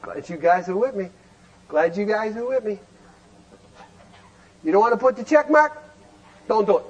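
On lo-fi audio, a man whose voice sits high speaks at a normal pace, teaching a recovery group. He's folksy and insistent, sprinkling his animated talk with rhetorical questions.

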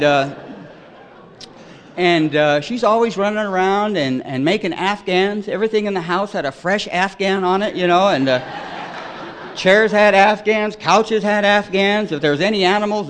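A middle-aged man sharing his recovery story at a meeting, rambling and self-deprecating, filling every pause with "you know.". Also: sits high, fairly bright tone, slight background noise. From Detroit, raised in California. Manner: wry, self-deprecating humor. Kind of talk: AA share, storytelling.

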